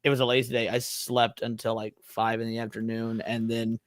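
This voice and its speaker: A man's voice: medium pitch, completely flat delivery, a little fast, no room sound, studio quality. Laid-back, slangy male guest. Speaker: stream guest. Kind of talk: casual livestream chat.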